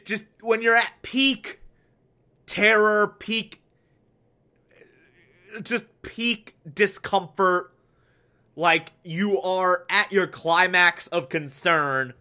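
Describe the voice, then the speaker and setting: Male reviewer, high bright voice, unhurried, animated and profane episode recap. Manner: animated, swears, many fillers, acts out quotes. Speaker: TV show reviewer. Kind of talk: casual recap commentary.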